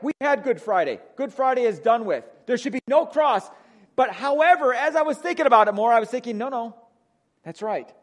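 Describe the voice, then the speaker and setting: A pastor from Wisconsin, USA, preaches a sermon in a conversational way, his voice sitting high and his Wisconsin accent clear. He often asks "right?" and shifts between emphatic lines and hushed ones.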